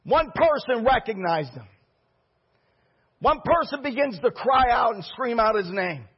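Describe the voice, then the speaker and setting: High, husky-voiced preaching man. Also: expressive, measured pace, dull audio. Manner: fervent preaching, repeating key phrases for emphasis. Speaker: pastor. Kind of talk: sermon.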